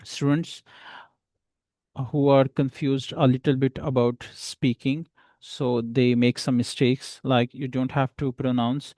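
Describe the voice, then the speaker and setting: A man's voice: medium pitch, steady tone, moderate pace, a little mellow, dry recording. A man teaching a beginner English lesson, patiently repeating example phrases.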